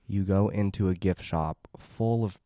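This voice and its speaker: Low-voiced guy ranting on a podcast, swears a lot, dry close mic. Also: unhurried, warm tone, no room sound. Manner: profane, comic ranting. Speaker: podcast co-host. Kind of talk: casual chat.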